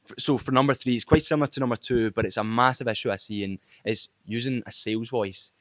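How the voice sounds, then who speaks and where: A man's voice: mid-range voice, steady tone, fast talker, a bit bright, no room sound. A young man giving blunt, casual sales advice straight to camera, swearing freely as he talks. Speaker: sales trainer. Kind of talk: direct-to-camera sales tips video.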